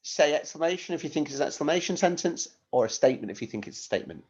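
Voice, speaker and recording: A slightly high male voice with lively intonation and a darkish tone rattles along very fast in a recorded lesson for young children. The primary school teacher explains patiently, giving clear instructions and asking rhetorical questions, on a dull lo-fi recording.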